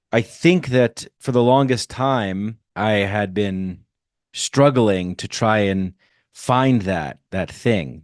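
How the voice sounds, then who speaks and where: A man's voice: lowish voice, no room sound. A man hosting his own podcast, introducing the episode in a jokey, self-deprecating, rambling way on a close microphone. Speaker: podcast host. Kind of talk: casual solo podcast intro.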